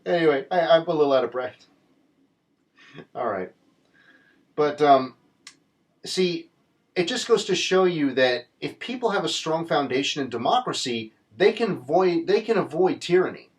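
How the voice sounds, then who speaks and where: A man's voice: a little high, lively intonation, normal speed, long pauses. A man giving a casual political commentary monologue, earnest and rambling, with many restarts.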